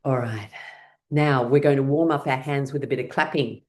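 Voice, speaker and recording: Low-voiced laughter yoga leader, woman. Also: normal speed, a little mellow. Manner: cheerful, coaxing, breaks into rhythmic laughter. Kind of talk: guided laughter exercise class. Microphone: online class, video call.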